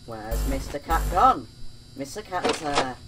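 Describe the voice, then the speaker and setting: A woman's voice: extremely low pitch, a little slow, over loud music, poor audio. Jumpy woman playing a horror game. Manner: jumpy, excitable, talking to herself. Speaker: gaming channel host. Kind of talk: horror game let's play commentary.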